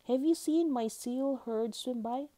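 Woman doing a high, eager little seal pup. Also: measured pace, warm tone. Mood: polite. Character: frightened little male seal pup, shy but brave.

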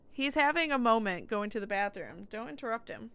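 A woman's voice: fairly high pitch, animated, normal speed, sharp tone, clean tone. A young woman casually commenting on a horror game, reading its dialogue aloud and joking as she plays. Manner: playful, reacts and jokes while reading lines. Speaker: let's play gamer.

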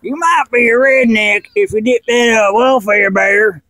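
A rowdy, crude hillbilly who dips tobacco, as a man puts him on, talking in a slow, high-pitched full of rambling fillers. The sound is close and dry. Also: sharp tone, dry recording, exaggerated voice. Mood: rowdy boasting. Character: loud crude male hillbilly tobacco dipper. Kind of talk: comedy character vlog.

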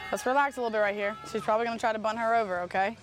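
A woman coaching a softball team from the dugout at an outdoor field, commanding and encouraging. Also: fairly high pitch, steady tone, rapid-fire, music in the background.

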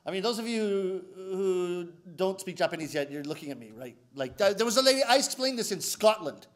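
A man from Canada, telling a comic story in an animated, exasperated, emphatic way. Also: high-pitched, fairly quick. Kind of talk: comedic storytelling.

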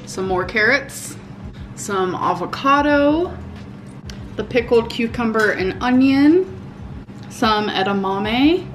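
A woman in her thirties chatting casually to her viewers at home, unhurried and full of "um" and "like". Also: fairly high pitch, expressive, faint music behind. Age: 30s. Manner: unhurried, chatty, many fillers like "um" and "like". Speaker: vlogger. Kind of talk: casual vlog chat.

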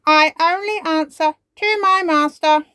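A woman's voice: very high voice, unhurried, sharp tone, no room sound, clean studio sound, voice pushed up, heavily acted. A woman voicing an obedient male toy robot in a storybook reading, chanting in a stiff, repetitive way.

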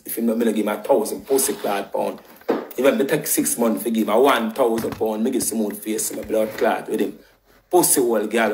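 Echoey, ranting Jamaican patois vlogger man. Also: mid-range voice. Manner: animated, repetitive, emphatic patois rant with swearing. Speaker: live-stream vlogger. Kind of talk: heated live-stream rant.

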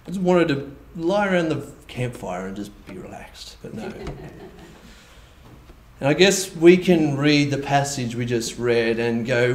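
A man preaching a sermon in a roomy, echoing church, with a faint hiss under his voice. He talks in an easy, conversational way and slips into lively mock quotes to make his points. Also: medium pitch, a little slow. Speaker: pastor. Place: church hall.

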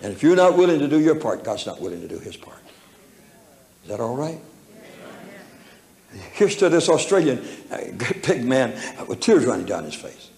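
Preaching at a moderate pace with long pauses, an older man uses a mid-range, slightly mellow voice full of big pitch swings. He tells a personal story in a folksy, chuckling style and voices its characters, recorded in an echoey church hall with faint background noise.

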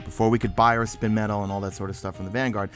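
Rambling New York gamer, fast talk. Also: male voice, fairly low pitch, soft background music. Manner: rambling, energetic, self-mocking. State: sleepy. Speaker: gaming YouTuber. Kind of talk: game walkthrough commentary.

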